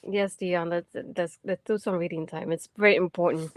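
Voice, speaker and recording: A woman's voice: fairly low pitch, fairly even intonation, moderate pace, a little hiss or hum. A woman co-hosting a casual wrestling post-show, blunt and sarcastic in her opinions. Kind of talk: casual chat.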